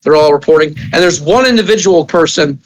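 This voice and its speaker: A man's voice: fairly high pitch, expressive, rough recording. A man narrating a tabletop game as game master, describing scenes in a rambling way full of fillers and restarts. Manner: rambling, halting with many fillers.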